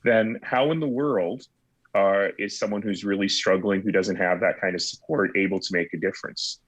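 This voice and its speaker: Low-voiced guy, a mayor, calling in over video, confident, dry sound. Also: normal speed, dry recording. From Canada. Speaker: city mayor, interview guest. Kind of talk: remote interview over video call. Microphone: video call.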